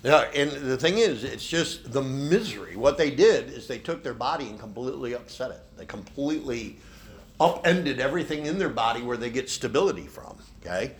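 A man's voice: mid-range voice, animated, fairly quick, slight background noise. A man preaching a sermon as pastor, who often ends his points with a questioning "okay?". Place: church.

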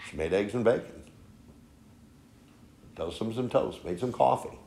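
A man preaching a sermon in a folksy storytelling way, peppering his points with "okay?" and swinging from soft asides to loud emphatic lines. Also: lowish voice, measured pace, creaky, long pauses. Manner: folksy storytelling, frequent "okay?" tag questions. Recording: echoey room.

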